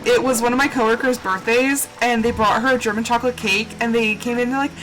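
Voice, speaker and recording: High-voiced woman streamer chatting. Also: fast talker, music in the background, poor audio. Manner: animated storytelling with high acted quotes. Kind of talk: casual gaming chat.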